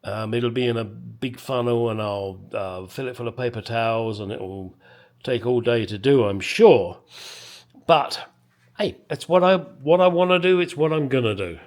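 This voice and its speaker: A man's voice: mid-range voice, normal speed, darkish tone. A man chatting casually in his home garage about a car restoration, rambling and making crude jokes. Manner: rambling, crude joking, swears freely. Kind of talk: casual workshop chat.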